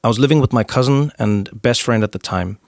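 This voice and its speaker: A man's voice: mid-range voice, a little fast, vocal fry, no room sound, clean studio sound. A man with a South African accent, a podcast guest and comedian, telling anecdotes in a casual interview and acting out the voices of the people in them. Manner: animated storyteller who acts out the voices in his anecdotes.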